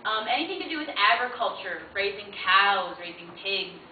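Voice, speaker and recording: A young woman from the rural United States giving an informal guest talk, telling stories in a chatty, animated way. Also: mid-range voice, moderate pace. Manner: chatty, animated storytelling with laughs. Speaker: guest speaker. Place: lecture room. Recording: tinny distant recording with echo and noise.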